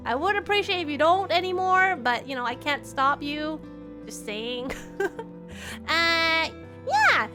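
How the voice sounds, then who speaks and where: Bubbly girl streamer rambling on, high bright voice. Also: big pitch swings, a little slow, soft background music. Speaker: VTuber streamer. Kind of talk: casual live-stream chat.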